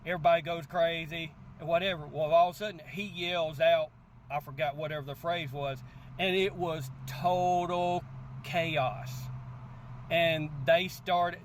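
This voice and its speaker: A man hosting a crypto channel, telling a story in casual, animated talk and often asking "guess what" before his point. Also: a little high, moderate pace, a little hiss or hum. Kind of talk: casual motivational talk to camera.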